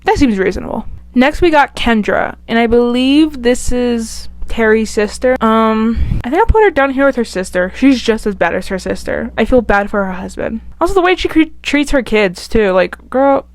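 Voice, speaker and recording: An animated woman vlogger chatting casually and expressively. Her voice sits a little high, and the recording is dry and close, with no room sound. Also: normal speed, dry recording. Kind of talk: casual tier-list commentary.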